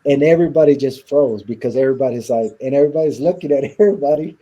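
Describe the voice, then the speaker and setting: A man from Southern California, an interview guest, tells his story candidly and bluntly with rough language, acting out what guards said to him. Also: mid-range voice, rapid-fire, dark tone, highs cut off. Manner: blunt and profane, acts out the guards' lines.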